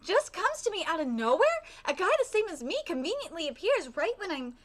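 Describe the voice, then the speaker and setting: A woman's voice: very high voice, sing-song, a little fast. A woman reading as a brooding young swordsman. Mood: suspicious.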